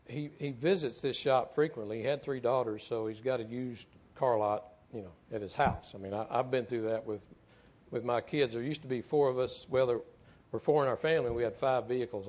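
A man's voice: medium pitch, darkish tone, muffled recording. A middle-aged man tells a story in a sermon, speaking earnestly and often repeating words as he goes. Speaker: church speaker, former firefighter.

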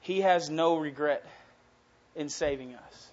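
High-voiced young man preaching earnestly. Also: measured pace, lo-fi sound. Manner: casual and earnest, swelling to passionate. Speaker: youth preacher. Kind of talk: sermon.

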